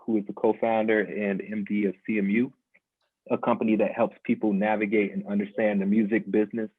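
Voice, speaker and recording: A man co-hosting a panel, introducing the guests one by one in a steady, listing manner. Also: lowish voice, dry recording. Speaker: panel co-host. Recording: tinny phone-like line, dry.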